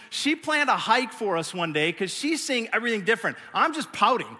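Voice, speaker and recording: A middle-aged male pastor with a high, bright voice, preaching to a large congregation. He tells stories with animated, self-mocking energy, acting out his own frustrations. The sound rings with the long reverb of a big church hall. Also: normal speed, hardly any pauses, soft background music. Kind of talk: sermon.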